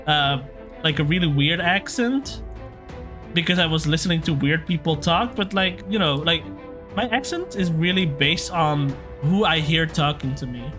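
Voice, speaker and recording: A young man chatting excitedly through his gameplay commentary, reacting out loud to every turn as he plays. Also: on the high side, normal speed, over music. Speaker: let's play gamer.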